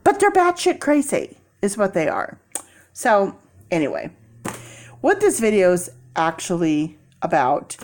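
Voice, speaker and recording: A woman vlogging in a casual, animated storytelling way, acting out people in quoted voices and laughing often. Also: medium pitch, unhurried.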